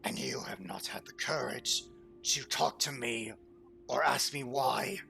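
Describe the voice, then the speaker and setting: Man doing an angry shouting brother, gravelly, bright, music faint behind. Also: medium pitch, a little slow, full character voice. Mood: accusing. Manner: shouting, accusing. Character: bitter angry brother, young man, accusing.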